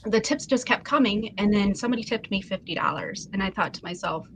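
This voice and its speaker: A woman's voice: medium pitch, expressive, fairly quick, a little hiss or hum. Earnest emotional woman guest. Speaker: podcast guest, live seller. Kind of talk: casual chat.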